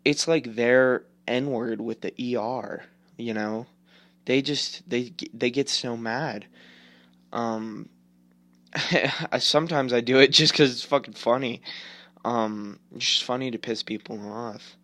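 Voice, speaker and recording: A man's voice: medium pitch, a bit bright, dry recording. A man in his twenties hosting a podcast, ranting casually with a rambling, profane delivery full of filler words. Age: 20s. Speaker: podcast host. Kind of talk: casual opinion rant.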